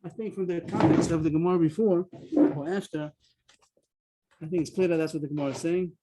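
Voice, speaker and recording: A man's voice: on the high side, steady tone, brisk, heavy background noise. A man teaching a Talmud class over a video call, explaining a text step by step and stressing key words. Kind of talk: online Talmud lesson. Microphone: video call mic.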